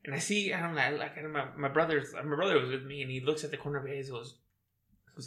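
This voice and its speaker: A man in a casual podcast chat, telling stories in an animated, profane way and acting out what people said. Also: fairly high pitch, very fast. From Central California. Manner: animated, profane, acts out quotes. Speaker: podcast guest.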